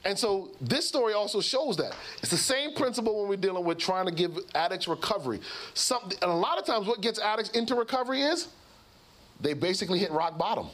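A man with a high-pitched voice tells a story in a lively sermon style. He speaks as a pastor and physician, and he acts out the voices of the people in his story. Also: fairly quick.

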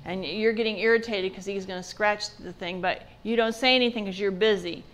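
A woman leads a church parenting seminar in a conversational voice. She speaks at a middle pitch and often puts questions to her listeners. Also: steady tone, a little fast, fairly bright tone, slight background noise. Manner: conversational, asks the audience questions.

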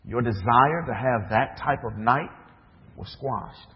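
A man's voice: mid-range voice, slow. Preaching man in an echoey hall. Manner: storytelling preacher, acts out dialogue, rhetorical questions. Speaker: minister. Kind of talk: sermon. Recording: dull echoey hall recording.

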